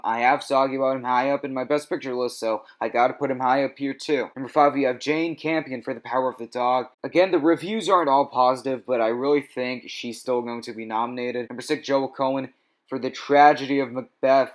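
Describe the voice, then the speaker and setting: A man casually running through his film award predictions in a vlog, enthusiastic and opinionated, with frequent fillers. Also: mid-range voice. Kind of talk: casual ranked-list commentary.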